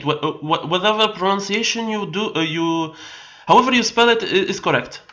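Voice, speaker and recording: A woman streamer reading a game aloud and commenting in a chatty, excitable way that trips over words. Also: mid-range voice, normal speed. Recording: loud game music behind.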